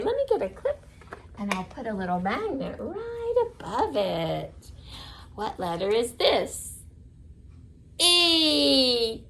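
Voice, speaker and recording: A woman teaching young children the vowel sounds, drawing out each sound slowly and praising them. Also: on the high side. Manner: slow, sing-song, drawn-out repeated sounds, encouraging; warm praise and soft blessing to close. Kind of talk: slow phonics lesson for children.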